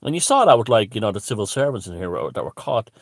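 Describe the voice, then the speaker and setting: A man's voice: on the low side, sing-song, quick pace, creaky, no room sound, studio quality. Sarcastic Irish man ranting. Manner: profane, sarcastic, full of "you know". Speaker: satirist. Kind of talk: ranting monologue.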